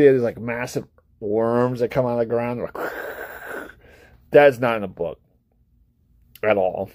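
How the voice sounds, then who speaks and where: A man rambles casually to camera in a mellow, warm voice, swearing freely and laughing often between thoughts. The sound is dry and close, with no room around it. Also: fairly low pitch, dry recording. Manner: rambling and profane, with frequent laughs and acted-out asides. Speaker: vlogger reviewing books and films; parent of a young child. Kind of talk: casual unscripted chat to camera.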